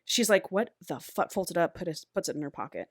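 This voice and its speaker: A podcast co-host with a lowish voice recaps a novel in a lively, casual way, talking fast and swearing freely. The recording is dry and close, with no room echo.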